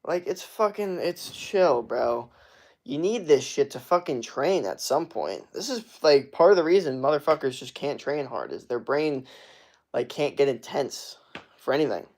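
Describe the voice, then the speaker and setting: Profane, blunt fitness coach ranting. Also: male voice, medium pitch, expressive, normal speed, darkish tone. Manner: profane, blunt, aggressive ranting with many fillers. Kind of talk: livestream rant answering chat.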